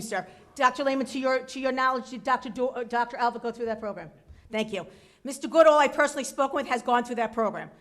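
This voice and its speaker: A high-pitched middle-aged woman addresses a board meeting as acting superintendent. Her tone is defiant and emphatic, each point pressed home. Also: fairly bright tone. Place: public board meeting room.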